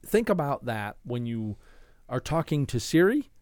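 Smooth-voiced man chatting on a podcast. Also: medium pitch, big pitch swings, a little slow, darkish tone, no echo. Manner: rambling, restarts mid-thought. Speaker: podcast co-host. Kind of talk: casual chat.

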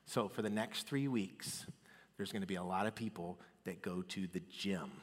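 A man's voice: sits low, moderate pace. Man preaching in an echoing hall. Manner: conversational, swings between soft and loud. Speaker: pastor. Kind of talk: sermon.

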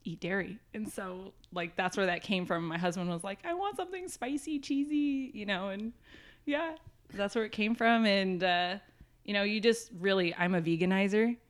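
A woman, a vegan chef guesting on a podcast, talking in a relaxed, matter-of-fact way. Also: medium pitch, moderate pace. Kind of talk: casual podcast conversation.

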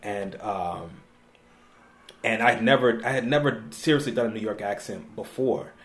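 Halting male actor in an echoey room. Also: on the low side. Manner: halting, many fillers and restarts, laughs easily. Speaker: actor guest. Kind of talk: casual interview chat. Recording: roomy echo.

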